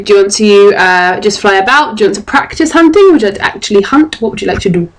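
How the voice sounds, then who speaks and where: A woman running a tabletop game as game master over an online voice call, relaxed and quick to laugh. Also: medium pitch, low-quality recording. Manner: relaxed, laughs easily, many fillers.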